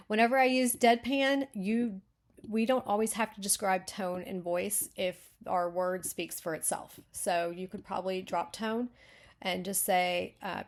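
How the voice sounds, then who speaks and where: Gravelly-voiced woman giving writing feedback. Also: mid-range voice. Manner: chatty, full of fillers and self-corrections. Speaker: writing critique host. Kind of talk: casual teaching.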